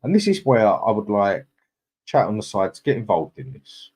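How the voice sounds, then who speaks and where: Deep-voiced man, live-stream host, matey and chatty, greets viewers by name. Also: sing-song, moderate pace, a little mellow, husky. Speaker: livestream host. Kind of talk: casual live chat, reading out viewer comments.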